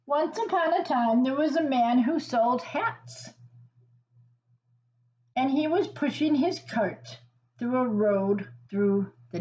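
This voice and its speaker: Woman reading a picture book to kids, slow and gently teacherly, slightly high voice; slightly muffled recording. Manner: gentle teacherly asides and questions to the listener. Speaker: children's story reader.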